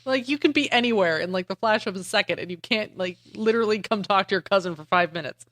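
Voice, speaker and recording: Bright-voiced woman retelling a comic. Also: mid-range voice, fast, no echo. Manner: animated retelling with lots of "like" and swearing. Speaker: podcast co-host. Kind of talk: casual chat recapping a comic.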